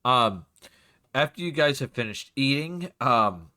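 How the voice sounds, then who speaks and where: A man's voice: mid-range voice, expressive, unhurried, bright, forceful tone. A man narrating a tabletop game as game master, casual and chatty with frequent fillers.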